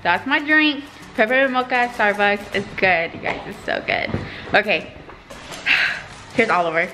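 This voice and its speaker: A woman's voice: medium pitch, normal speed, music in the background. A young woman vlogging casually to the camera, chatty and playful, often giggling. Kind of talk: casual vlog chat to camera.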